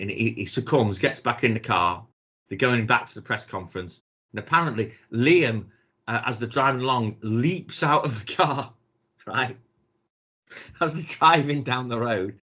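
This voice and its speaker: This podcast co-host has a sharp-toned, medium-pitched voice and speaks at a moderate pace. In relaxed conversation he spins stories packed with profanity, mimicking whoever he's quoting, all captured in dull lo-fi sound.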